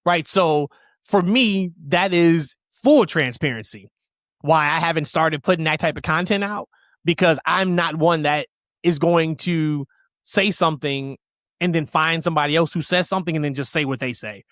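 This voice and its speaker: A man co-hosting a casual wrestling podcast, opinionated and emphatic, rushing through tangents. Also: on the high side, a bit bright, no room sound, studio quality. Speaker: podcast co-host.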